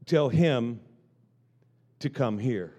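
Slangy pastor in a reverberant hall. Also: male voice, medium pitch, expressive, extremely slow, mellow. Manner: casual slangy, frequent stammered restarts. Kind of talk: revival sermon storytelling. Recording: long reverb of a large room.

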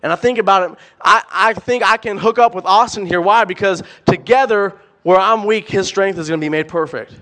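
A young man preaching a sermon, animated and emphatic, firing off rhetorical questions and repeating words. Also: high voice, brisk, hardly any pauses.

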